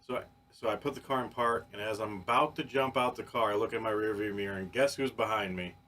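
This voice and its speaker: A man on a podcast telling a story in casual chat, animated and profane, with many restarts. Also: lowish voice, fast talker. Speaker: podcast co-host.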